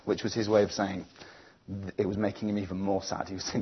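Earnest man preaching, husky voice. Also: low voice, level tone, brisk, dull audio. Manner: earnest, reflective storytelling with restarts. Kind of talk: sermon with a personal story.

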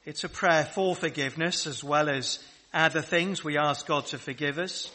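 A man's voice: fairly high pitch, normal speed, sharp tone. A man preaching a sermon at a church service, leading the congregation in prayer and call-and-response questions. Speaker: pastor.

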